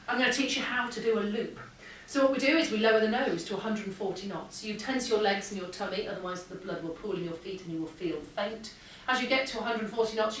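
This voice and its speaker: A woman, a former air force pilot, giving a lively motivational keynote and acting out the dialogue in her stories. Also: fairly high pitch. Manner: lively anecdotal, acts out dialogue. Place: large hall with an audience. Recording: echoey hall, distant mic, faint hum.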